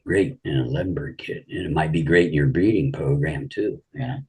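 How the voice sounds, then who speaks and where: Deep, husky older man telling stories. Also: a little fast, dark tone. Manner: rambling anecdotes full of "you know". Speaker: guest. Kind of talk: casual storytelling interview.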